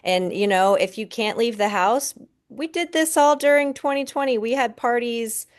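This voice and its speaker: A woman's voice: on the high side, normal speed. A woman leading a team video call, coaching and encouraging her team members in an upbeat way.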